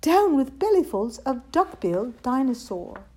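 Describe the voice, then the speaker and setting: A woman voicing a gentle, timid young male tyrannosaur who speaks politely and plaintively. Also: a little high, very animated, unhurried, voice pushed up. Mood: hooting.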